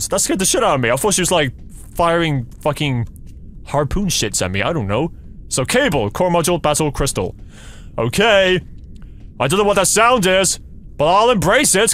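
A man's voice: a little high, a bit bright. A young man playing a horror game, talking sarcastically to the game, swearing and yelping at scares. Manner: jumpy, yelps and nervous laughs. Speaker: gaming streamer.

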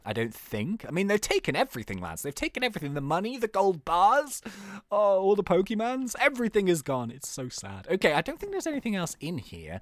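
A man's voice: wildly swooping pitch, brisk, no room sound, studio quality. A young man giving jokey, playful commentary while playing a game. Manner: playful, jokey, laughs at own jokes, wildly swinging pitch. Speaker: gaming YouTuber. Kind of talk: casual gameplay commentary.

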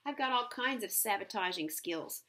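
A woman's voice: medium pitch, expressive, normal speed, fairly bright tone, a little hiss or hum, natural voice. A woman voicing a tough, scornful young girl who talks bluntly and bossily.

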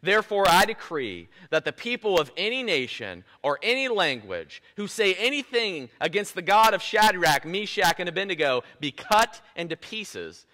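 A man preaching a sermon in a church, retelling a scripture story in a lively, playful way with casual asides. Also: high-pitched, moderate pace, few pauses. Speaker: pastor. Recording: echoey church hall.

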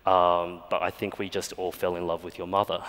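A man's voice: low voice, little pitch movement, brisk, a bit bright. A man with an Australian accent hosting a live stage interview, moved and thoughtful. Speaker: host. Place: festival stage. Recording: long hall reverb.

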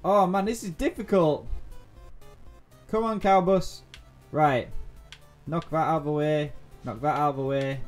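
A young man talks through a platform game in a loose let's-play style, reacting out loud and repeating short phrases under pressure. His voice sits at a plain middle pitch. Faint game music plays underneath. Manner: excitable, thinks aloud, repeats himself. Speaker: gaming YouTuber.

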